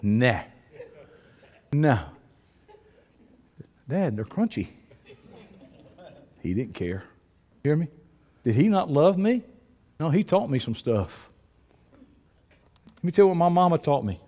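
An older man preaching a sermon in a folksy, storytelling manner, swinging between shouts and low asides. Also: very animated, measured pace, pauses often, big-room sound.

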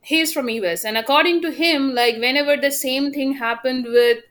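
A woman's voice: sits high, normal speed, fairly bright tone. A young woman, a native Bengali speaker, chatting on a podcast about her teaching and telling personal stories. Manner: storytelling, quotes others in asides. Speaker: podcast guest, university teacher. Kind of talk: casual podcast chat.

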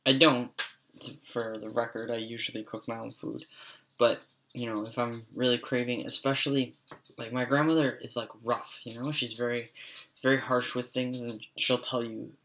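A young man with a stuffy, raspy voice, telling a rambling, profane story in a casual vlog. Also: medium pitch, level tone, normal speed, fairly bright tone, slight background noise. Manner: rambling, profane, frequent "like" fillers.

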